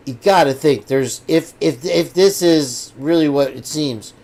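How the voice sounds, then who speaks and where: A man's voice: on the high side, a little slow, a little mellow. A man hosting a live stream, chatting casually with his viewers and thinking aloud as he rambles. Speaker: livestream host.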